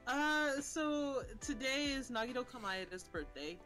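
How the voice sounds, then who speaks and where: Young male artist, twenties, relaxed chatty stream guest, hesitant delivery. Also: extremely high pitch, unhurried, faint music behind. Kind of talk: casual live stream chat.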